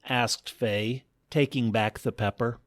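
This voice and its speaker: A man telling a comic first-person story in a wry, deadpan manner. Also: mid-range voice, slow, no room sound, studio quality. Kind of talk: scripted comic narration.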